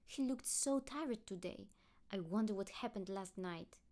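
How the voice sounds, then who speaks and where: A woman's voice: medium pitch, a little slow, warm tone, close to an everyday voice. A woman reading aloud and voicing a teenage girl who is caring, earnest and worried for her friend.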